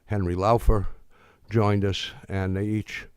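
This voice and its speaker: Older man telling a wry halting story. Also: fairly low pitch, flat delivery, clean tone, no echo, clean studio sound. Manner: halting, many restarts and fillers, wry storytelling. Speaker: speaker giving a talk. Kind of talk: anecdotal talk to an audience.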